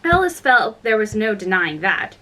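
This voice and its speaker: A woman reading a classic children's story aloud, unhurried, with small slips and restarts. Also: medium pitch, very animated, bright, forceful tone, rough recording. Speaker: narrator.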